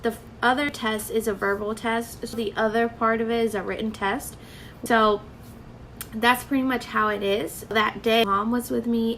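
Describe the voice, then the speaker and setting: Chatty young woman with gravelly edge. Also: mid-range voice, fairly bright tone, a little hiss or hum, poor audio. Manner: chatty, filler-heavy, quotes others in dialogue. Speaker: vlogger. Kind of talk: casual storytelling to camera.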